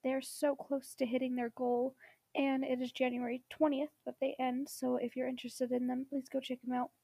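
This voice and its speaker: A high-pitched woman with a gravelly, fry-edged voice that is giving out on her. She rambles eagerly through shout-outs for her tabletop gaming channel. Her tone is mellow and dark, and the sound is close and dry. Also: flat delivery, moderate pace, no echo. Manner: enthusiastic, rambling, many ums. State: losing her voice. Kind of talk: casual product shout-outs.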